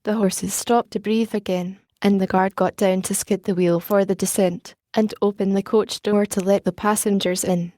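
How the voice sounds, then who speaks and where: A woman narrating a classic novel in a steady, measured storytelling manner. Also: mid-range voice, no room sound, studio quality. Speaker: audiobook narrator.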